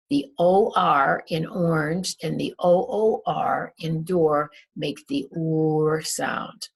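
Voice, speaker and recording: A woman with a low, husky voice and some vocal fry reviews vowel sounds. She speaks very slowly, repeating each example word twice and stretching out its vowel. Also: steady tone. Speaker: English teacher. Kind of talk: slow, careful classroom review.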